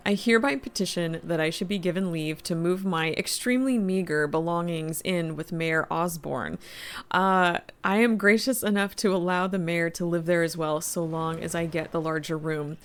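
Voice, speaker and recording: A woman's voice: fairly low pitch, normal speed, clean tone, natural voice. A woman reading out the letter of a pompous, self-important male royal gardener in a haughty, formal tone.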